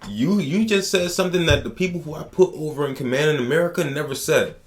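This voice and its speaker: A man's voice: fairly high pitch, quick pace, pitched above the performer's own voice, natural voice. A man voicing God as an all-powerful male deity who talks in casual street slang, in his own everyday voice. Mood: brisk.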